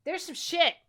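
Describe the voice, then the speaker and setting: Bright, excitable woman streamer. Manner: chatty and excitable, laughs often, swears casually. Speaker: streamer and game master. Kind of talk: casual stream sign-off chat.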